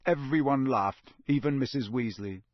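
A man narrating a storybook audiobook in an expressive, scripted way. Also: medium pitch, moderate pace, no echo. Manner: expressive, acts out every character.

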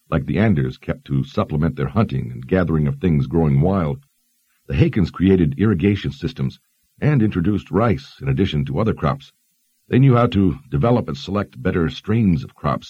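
A man's voice: rumbling low, mellow, breathy edge, no room sound, dull audio, full character voice. Man voicing a learned young woman explaining history. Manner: measured, explanatory.

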